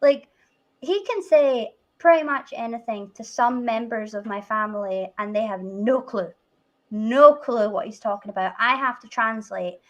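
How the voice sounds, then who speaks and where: A woman's voice: fairly high pitch, normal speed. A woman with a Scottish accent hosting a casual chat, chatty and laughing often between remarks. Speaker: host.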